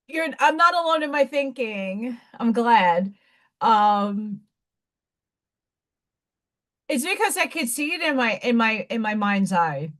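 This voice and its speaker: Woman host, fading New York accent, blunt and rambling, slightly high voice. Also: expressive, slow, pauses often, a bit bright. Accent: faded Staten Island New York. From Staten Island, New York. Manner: blunt, rambling, frequent restarts. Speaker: livestream host. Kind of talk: casual live-stream chat.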